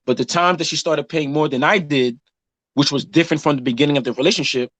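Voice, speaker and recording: Man, thirties, casual talk, lively storytelling, slightly high voice. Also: fast, no room sound. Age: 30s. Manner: animated storytelling, acts out quotes. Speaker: podcast co-host. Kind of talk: casual chat.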